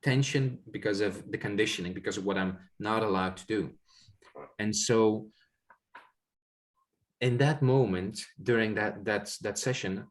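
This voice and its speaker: A man's voice: fairly low pitch, moderate pace. A man in casual conversation recounting a spiritual experience, reflective and rambling, full of fillers and repeated words. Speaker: guest sharing spiritual experiences.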